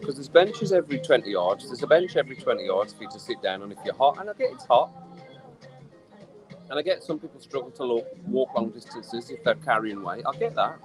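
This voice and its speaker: A man's voice: mid-range voice, fairly quick, low-quality recording. Tipsy man ranting over music. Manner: animated, exasperated ranting. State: tipsy from drinking. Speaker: live streamer. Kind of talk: casual live-stream rant. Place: poolside bar outdoors. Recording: music playing clearly behind.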